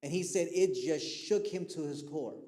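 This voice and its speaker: A man's voice: a little high, moderate pace, mellow. A man who counsels young people, giving a casual talk to a youth group that keeps checking in with the listeners and acts out the people he quotes. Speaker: mental health counselor speaking to youth.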